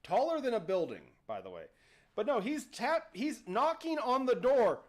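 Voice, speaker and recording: A man's voice: very high-pitched, normal speed. A man hosting a livestream, casually retelling a story and acting out the characters. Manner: animated, playful, acts out characters. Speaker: host.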